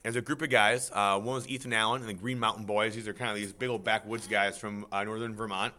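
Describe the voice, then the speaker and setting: A man teaching a casual, chatty history lesson, talking over slides and breaking into loud mock quotes. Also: lowish voice, fairly even intonation, fast.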